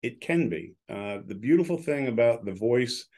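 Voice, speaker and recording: This voice sits at medium pitch with a dark tone, lively intonation and a moderate pace. It belongs to a sixty-something announcer and business owner who swaps stories in a relaxed interview, speaking his mind and performing the dialogue of those he quotes.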